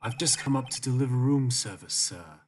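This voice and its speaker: A man's voice: medium pitch, lively intonation, normal speed, a little hiss or hum, close to an everyday voice. A man voicing a fussy, overly polite male hotel bellboy who ends every sentence with a stiffly formal "sir". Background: video game music.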